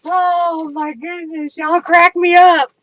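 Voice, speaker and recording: A woman's voice: very high-pitched, flat delivery, takes it slowly, no room sound. A woman hosting a live craft stream, chatting casually, reading viewer comments and laughing often. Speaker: craft livestream host. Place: home craft studio.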